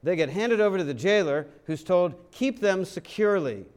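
A man's voice: sits high, expressive, normal speed, darkish tone. A man preaching a sermon, dramatic and full of rhetorical questions, sometimes acting out other voices. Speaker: pastor.

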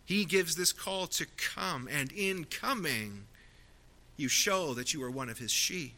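A man's voice: on the high side, animated, measured pace, sharp tone. A man preaching a sermon from the pulpit, earnest and rising to emphatic peaks. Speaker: pastor.

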